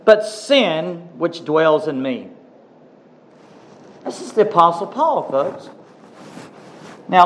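A man preaching a sermon, reading scripture aloud and commenting on it in an emphatic, animated way. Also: high voice. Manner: animated, emphatic, addresses congregation as folks. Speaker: pastor.

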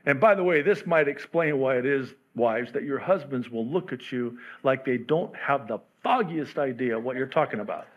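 A man's voice: mid-range voice, lively intonation, moderate pace, hardly any pauses, highs cut off. A male pastor preaching a sermon in a candid, self-deprecating, humorous way.

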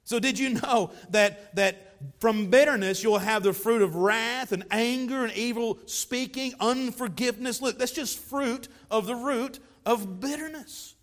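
A man's voice: very high-pitched, unhurried, a bit bright. A man preaching a sermon as pastor, emphatic, pressing his listeners with rhetorical questions and repeated phrases.

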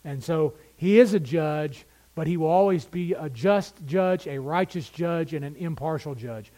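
High-voiced pastor preaching. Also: male voice, measured pace, warm tone. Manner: teaching, asks the congregation questions. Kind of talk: sermon.

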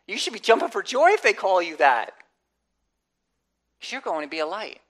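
A woman pastor speaks in a mid-range voice at a moderate pace, preaching conversationally. Animated throughout, she dramatizes quotes and inner voices and slips in jokes.

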